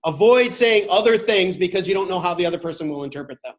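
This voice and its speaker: A man's voice: sits high, animated, quick pace. A man leading a classroom workshop, talking directly and conversationally while taking questions from the room. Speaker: workshop instructor. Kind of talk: interactive classroom talk. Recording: echoey room, dull lo-fi sound.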